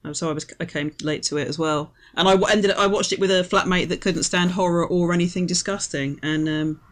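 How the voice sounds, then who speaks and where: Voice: medium pitch, steady tone, fast talker. A podcast co-host chatting casually about films, rambling a little. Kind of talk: casual film chat.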